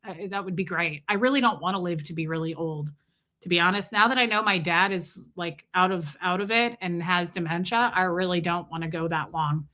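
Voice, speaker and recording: Here a livestream host speaks a little quickly, her voice low-leaning and sharp in tone. In this casual stream she wanders through a story from her own life, interrupting herself to welcome viewers in chat by name.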